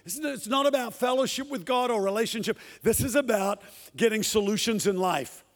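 A man's voice: sits high, brisk, long reverb tail. A man preaching a passionate sermon to a congregation, acting out the words he quotes. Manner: impassioned, acts out the lines he quotes. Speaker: pastor. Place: church hall with a congregation.

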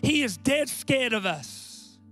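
High-voiced impassioned preacher. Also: male voice, very animated, slow pace. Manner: impassioned, builds to shouting. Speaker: pastor. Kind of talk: sermon. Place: church service with worship band. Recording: music playing behind.

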